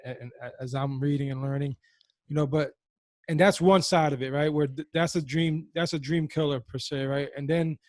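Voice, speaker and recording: A man's voice: on the high side, steady tone, fairly quick, no room sound. A man hosting a podcast, asking long, rambling questions full of restarts. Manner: rambling, many fillers and restarts. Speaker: podcast host. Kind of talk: interview questions.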